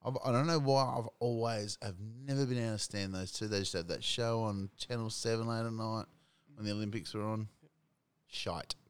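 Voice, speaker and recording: A man's voice: lowish voice, normal speed, clean tone. A man co-hosting a casual sports chat, blunt and sweary, mocking his co-host.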